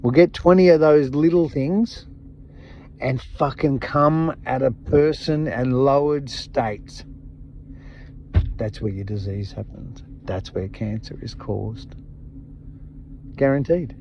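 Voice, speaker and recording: A man's voice: mid-range voice, slow, pauses often, a little mellow, slight background noise. A man hosting a podcast, giving an impassioned, blunt monologue full of swearing and repeated emphatic phrases. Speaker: podcast host. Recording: dull lo-fi sound.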